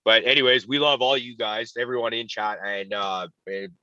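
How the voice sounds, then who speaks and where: A man's voice: medium pitch, normal speed, bright, forceful tone, dry recording. A man co-hosting a casual livestream, easygoing and frank, swearing casually. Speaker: co-host. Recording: dull lo-fi dry sound.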